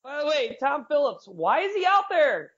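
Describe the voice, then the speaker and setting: A man's voice: very high-pitched, very animated, moderate pace, a bit bright. A man co-hosting a wrestling review podcast, chatting casually and joking about the commentators. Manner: jokey, mocks commentators in silly voices. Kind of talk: casual chat. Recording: dull lo-fi audio.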